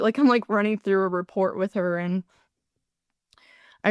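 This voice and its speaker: A woman in her thirties speaks as a podcast guest in an earnest, halting way, often slipping into her own past words. Her voice is smooth and clean at a middle pitch. It sits dry and close to the mic. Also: no echo. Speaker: guest, ER nurse and paramedic. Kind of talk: podcast interview, personal account.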